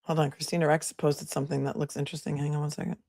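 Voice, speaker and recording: A woman's voice: sits low, little pitch movement, very fast, gravelly, dark tone, no echo. Chatty woman livestreamer in a dry room. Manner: chatty and affectionate toward viewers. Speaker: attorney hosting a legal livestream. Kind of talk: casual livestream chat reading viewer messages.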